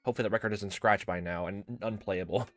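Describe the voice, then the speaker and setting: A man's voice: fairly low pitch, fast talker, fairly bright tone, soft background music. A young man hosting a let's play, reading a visual novel aloud and breaking off into rambling, self-correcting asides. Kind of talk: casual game commentary and reading.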